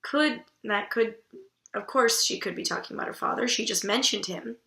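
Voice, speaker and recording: A woman's voice: a little high, moderate pace, pushed and bright, roomy sound. A woman hosting a book vlog, giving casual literary commentary in a blunt, irreverent way and swearing casually. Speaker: book vlogger host.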